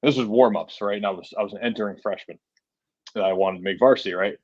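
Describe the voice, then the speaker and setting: Fast and lowish, the voice belongs to a truck driver in his forties from Massachusetts who is a guest on a podcast. He tells stories in a loose, rambling manner full of "you know" and "right?". The audio is dull, with no room sound.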